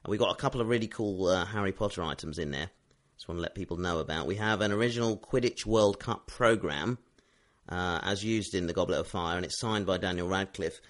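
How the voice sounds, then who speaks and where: A man's voice: low voice, brisk. A man from the United Kingdom, a guest on a podcast, chatting casually with a lot of fillers and restarts. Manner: rambling, with many fillers and restarts. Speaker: interview guest. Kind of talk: casual chat.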